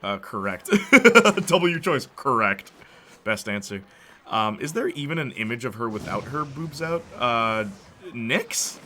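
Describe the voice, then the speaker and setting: A man's voice: mid-range voice, very animated, unhurried, pushed and bright, slight background noise. A man streaming a video game, chatting casually and answering his chat. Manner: chatty, reads and answers chat, laughs often. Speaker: gaming streamer. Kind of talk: casual gameplay commentary.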